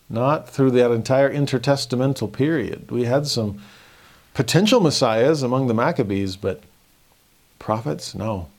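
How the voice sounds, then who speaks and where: A man giving a casual scripture lesson, animated and acting out the dialogue in quick voices. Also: mid-range voice. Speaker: scripture teacher.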